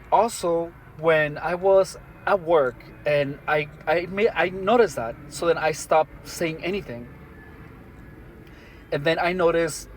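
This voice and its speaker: Man, slightly high voice, halting, restarts often, earnest solo monologue. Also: a little hiss or hum. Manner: halting, with many restarts and fillers. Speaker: vlogger. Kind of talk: first-person monologue to camera.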